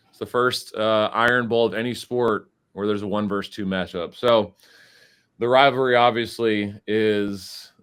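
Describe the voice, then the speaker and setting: A man with a smooth, clear, low voice talks about a college sports rivalry on a podcast. He speaks in a measured way, hedges his claims, and leans on fillers. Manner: measured, hedging, uses fillers.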